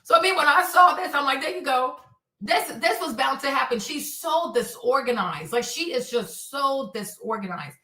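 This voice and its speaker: Animated, profane woman ranting on stream. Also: high-pitched, normal speed, hardly any pauses, recorded from a distance. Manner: profane, exasperated, rambling. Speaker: streamer host. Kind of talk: casual livestream rant. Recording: echoey room, voice a bit off-mic.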